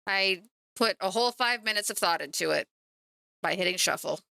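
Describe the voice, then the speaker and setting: A woman's voice: medium pitch, moderate pace, gravelly, pushed and bright, dry recording. A woman streaming live while painting miniatures, chatting to viewers in a self-mocking way. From Canada. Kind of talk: casual livestream chat.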